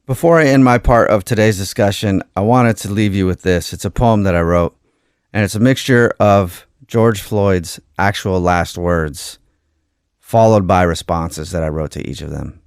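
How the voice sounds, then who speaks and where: A man's voice: low voice, moderate pace, a little mellow, smooth, no room sound, studio quality. A man speaking as a radio host, giving an earnest, heartfelt on-air message.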